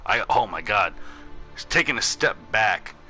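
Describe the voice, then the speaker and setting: A man's voice: fairly low pitch, expressive, a little slow, pushed and bright, faint music behind. A man telling a rambling, profane story in casual chat while he plays a game, acting out the quotes as he goes. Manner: rambling, profane, with lots of fillers and acted quotes. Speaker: gaming channel host.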